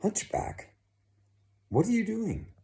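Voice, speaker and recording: Guy doing a bewildered older nobleman, keeps asking what, dark deep voice underneath. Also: very animated, takes it slowly, creaky, exaggerated voice. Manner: bewildered, questioning. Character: baffled older nobleman, a worried father.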